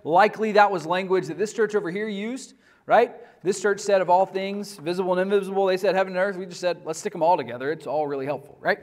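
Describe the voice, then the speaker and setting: A man's voice: high voice, steady tone, quick pace, darkish tone. A man lecturing a class on church history in a conversational way, often asking the students questions.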